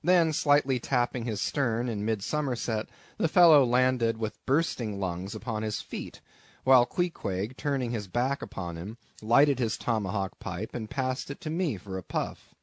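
A man narrates an audiobook in an expressive storytelling manner, his pitch moving freely up and down. His voice sits in the middle range for a man. The recording is close and dry, with no room echo. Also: a little slow. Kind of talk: scripted narration.

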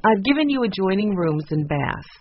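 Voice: mid-range voice, sing-song, normal speed, a little hiss or hum, pitched above the performer's own voice, natural voice. A storybook reader voicing a polite but uneasy middle-aged innkeeper woman. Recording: dull lo-fi audiobook recording.

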